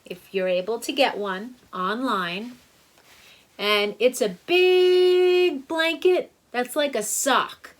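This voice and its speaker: A middle-aged woman, a child therapist, gently and encouragingly walking children through calming exercises. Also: on the high side, rough recording. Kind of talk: instructional talk to children.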